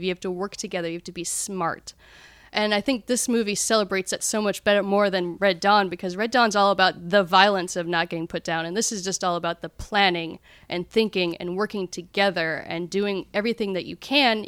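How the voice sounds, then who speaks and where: An opinionated woman co-hosting a casual film podcast, her voice smooth and resonant. The sound is dry and close, with no room around it. She gets lively when she retells scenes. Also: medium pitch, dry recording. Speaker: podcast co-host.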